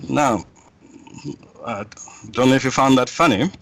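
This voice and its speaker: A man's voice: mid-range voice, a little slow, a bit bright, a little hiss or hum, low-quality recording. A man guest in an interview, telling jokes in a rambling way with many restarts.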